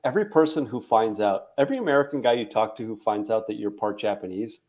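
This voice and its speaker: Animated young man telling stories. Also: lowish voice, quick pace. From Canada. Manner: animated storyteller, acts out friends' voices. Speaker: guest comedian. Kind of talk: casual podcast storytelling. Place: podcast studio.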